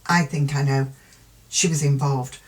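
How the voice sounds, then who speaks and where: A British woman from the UK, middle-aged, talks over a case in a low, earthy voice. She is blunt and opinionated, wanders off with fillers and pauses, then swings back to her point. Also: fairly even intonation, poor audio. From United Kingdom. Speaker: true crime commentator. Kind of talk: casual spoken commentary.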